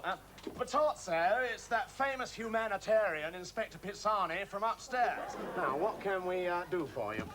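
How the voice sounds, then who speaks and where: An actor playing a manic, mischievous male impostor in a stage comedy, impish and quick to switch voices, playing to the audience. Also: high voice, fairly bright tone, a little hiss or hum. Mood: mock-polite bluster.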